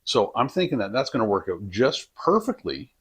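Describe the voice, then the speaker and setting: A man's voice: mid-range voice, sing-song, normal speed, breathy edge. A man hosting a home cooking vlog, chatting in a rambling, jokey way while he works in his kitchen. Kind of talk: casual cooking vlog chat. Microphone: camera on a tripod.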